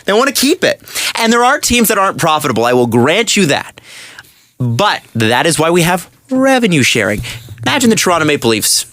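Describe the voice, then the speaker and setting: A man co-hosting a podcast, making animated, argumentative points in casual chat. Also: fairly high pitch, brisk. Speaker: podcast co-host.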